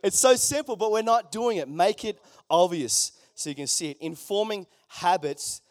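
A man's voice: high voice, expressive, normal speed, no echo, clean studio sound. A man preaching a conversational sermon, with joking asides to the congregation in a church. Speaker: pastor.

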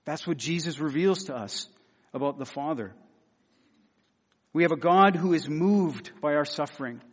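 A man's voice: fairly high pitch, moderate pace. Earnest preacher man in a reverberant hall. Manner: earnest, building emphasis with repeated phrases and soft pleading quotes. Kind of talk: sermon.

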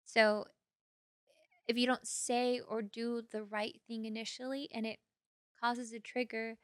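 A young woman co-hosting a casual podcast chat, animated and giggly, filling her talk with "like". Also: fairly high pitch, a little slow, no echo, studio quality. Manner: animated, giggly, many "like" fillers. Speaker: podcast co-host.

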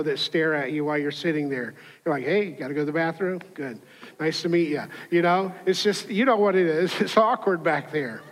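A man preaching a sermon as a pastor, telling a personal anecdote in a conversational, humorous way and acting out the voices in it. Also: high-pitched. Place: church auditorium. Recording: hall reverb.

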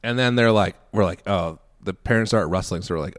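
A man's voice: low voice, brisk, no echo, clean studio sound. Laughing man telling a story. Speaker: podcast co-host. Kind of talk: casual chat and storytelling.

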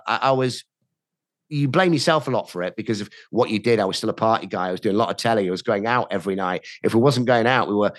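A man's voice: medium pitch, dry recording, studio quality. A middle-aged man, a radio DJ and podcast guest, telling anecdotes and acting out other people's lines with bursts of laughter. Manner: animated, acts out quoted dialogue with laughs. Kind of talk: anecdotal storytelling.

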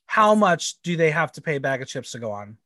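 Podcast co-host, man, high and very lively voice, dry close sound, camp and chatty. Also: fairly quick, no echo. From United States. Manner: animated, laughs often, camp and swearing. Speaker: podcast co-host recapping a TV show. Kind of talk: casual chat.

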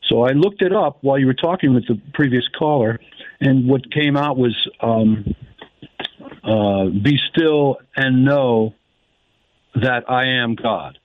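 A man calling in to a radio show, talking haltingly and reflectively and slowing down to stress quoted phrases. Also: mid-range voice, no room sound. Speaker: caller. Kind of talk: phone-in call. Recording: tinny phone line.

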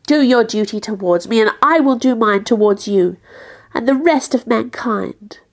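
Woman reading a bitter monstrous creature, female, huge, anguished, slow grave pleading, storybook reading. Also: on the high side. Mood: bitter menace. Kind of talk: audiobook reading.

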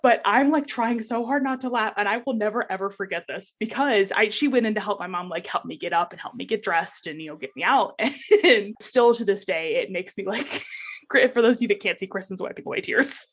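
Telling a personal story as a podcast guest, this young woman laughs a lot and acts out the voices of those she quotes. She speaks fairly quickly in a medium-pitched, slightly bright, husky voice.

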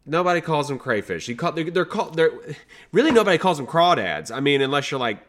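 Animated man ranting. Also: fairly high pitch, fast talker. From American South. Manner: animated, mock-outraged ranting. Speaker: podcast co-host. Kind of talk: casual chat reacting to movie trailers.

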